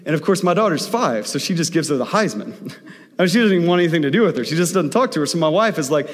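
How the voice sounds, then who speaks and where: A man's voice: a little high, expressive, quick pace, in a large hall. A man preaching a sermon as pastor, telling stories in a conversational way.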